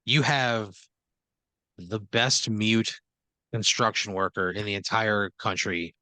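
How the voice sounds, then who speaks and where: A man's voice: on the low side, fairly even intonation, takes it slowly, sharp tone, dry recording. A man hosting a comedy podcast and spinning an improvised story, rambling and filler-heavy, often checking in with "right?". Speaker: podcast host.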